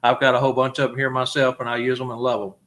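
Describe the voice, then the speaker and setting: A man's voice: mid-range voice, flat delivery, rapid-fire, a bit bright. A man hosting a live talk show, putting friendly questions to his guest in casual chat. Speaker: show host.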